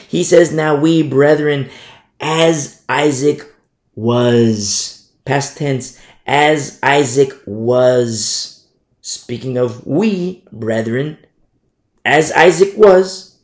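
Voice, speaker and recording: An American man teaching a Bible passage in an emphatic, questioning way, his voice sitting a little high for a man. He stretches key words out slowly and keeps asking his listeners whether they see the point. The recording carries a noticeable room echo. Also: darkish tone. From United States.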